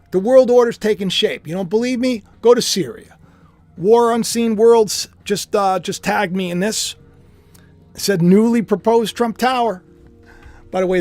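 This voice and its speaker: High-voiced man rambling to viewers. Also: no room sound. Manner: rambling, conversational, many restarts and asides. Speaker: host. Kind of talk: casual speculative monologue.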